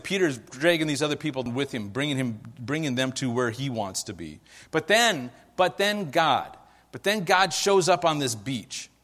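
Animated preacher man in a reverberant hall. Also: mid-range voice. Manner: animated storytelling, acts out quotes, frequent "right?". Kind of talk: conversational sermon.

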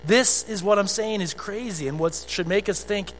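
A man preaching a conversational, animated sermon as a pastor in a church sanctuary. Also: high-pitched, normal speed, a little hiss or hum. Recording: long hall reverb with faint music.

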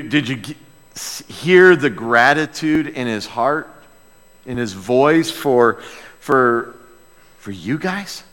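Lively preacher in a reverberant church hall. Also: male voice, mid-range voice. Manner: lively, conversational preaching with humor; repeats words and restarts often. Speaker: pastor. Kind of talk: sermon. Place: church sanctuary.

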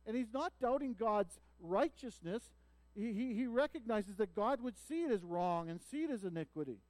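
A man's voice: high voice, lively intonation, moderate pace, a little mellow, no echo. A man preaching a sermon, teaching in an earnest way that swells when he voices a prophet's cries. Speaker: pastor.

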